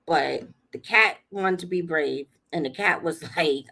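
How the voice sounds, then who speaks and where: A woman hosting a livestream speaks slowly in a fairly low, creaky voice with a sharp edge. Her story comes out in a casual, talkative way, with frequent laughs and acted-out quotes.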